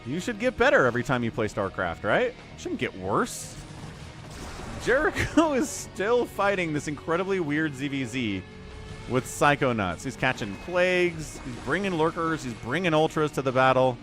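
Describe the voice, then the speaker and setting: Animated man casting a strategy game. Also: on the high side, moderate pace, over music. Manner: animated, chatty, laughs often, greets chat viewers. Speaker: game caster. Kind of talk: live stream game commentary.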